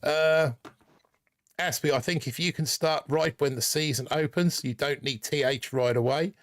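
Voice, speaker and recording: A man's voice: a little high, moderate pace. A man hosting a casual live stream in a put-on Australian accent, rambling and joking as he reads out chat names. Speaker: livestream host.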